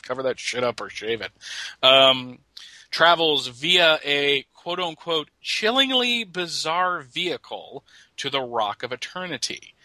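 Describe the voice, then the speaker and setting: A middle-aged man co-hosts a podcast, chatting casually about comics and joking while he reads, often laughing at his own lines. His medium-pitched voice sounds pushed and bright, with no echo on a rough recording.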